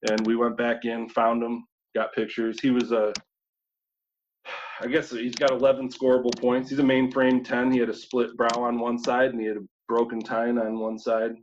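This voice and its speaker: A man from New York State, a guest telling a hunting story in a casual, animated way, acting out his own thoughts. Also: mid-range voice, normal speed, slight background noise. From New York State, USA. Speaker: guest hunter. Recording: slightly dull lo-fi audio.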